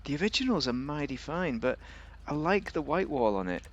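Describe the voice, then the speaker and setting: A man's voice: fairly high pitch, big pitch swings, moderate pace, dull audio, a little hiss or hum. Chatty man reviewing a game car. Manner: chatty, rambling, jokey. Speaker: game video host.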